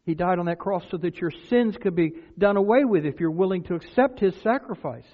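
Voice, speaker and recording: A man's voice: sits high, fairly quick. A man preaching a sermon, telling stories and then building to emphatic points. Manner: storytelling, rises to emphatic exclamations. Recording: tinny phone-like sound.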